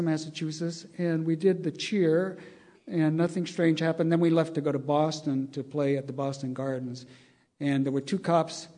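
A man's voice: on the high side, dark tone. An older man telling a long, wry anecdote to an audience, chuckling as he acts out the dialogue. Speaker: storyteller.

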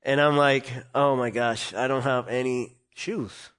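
Man telling a lively story. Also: mid-range voice, unhurried, slight background noise. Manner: animated, acts out quoted voices. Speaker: interview guest. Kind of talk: storytelling in conversation.

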